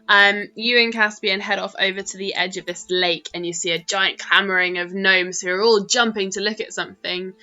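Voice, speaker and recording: A British woman narrates a tabletop game as its game master, her voice bright and forward. She tells the scene with lively energy and jumps into high shouts for the small characters. Soft music plays underneath. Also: dull audio.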